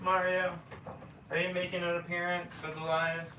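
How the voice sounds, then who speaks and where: A farm owner chatting casually on a live stream while feeding animals in an outdoor pasture, coaxing them gently. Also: medium pitch, level tone, normal speed, slight background noise. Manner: coaxing, soft-spoken with the animals. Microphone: phone live stream.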